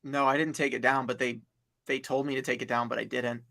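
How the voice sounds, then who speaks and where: Bright-voiced man in casual chat. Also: medium pitch, little pitch movement, brisk, creaky. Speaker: podcast co-host.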